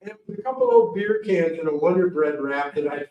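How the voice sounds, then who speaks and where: A man speaking as a guest to an audience, telling rambling, animated stories. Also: fairly high pitch, brisk. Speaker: guest speaker, morel hunting champion. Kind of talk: casual storytelling talk to an audience. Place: library meeting room. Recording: roomy, distant, dull room recording.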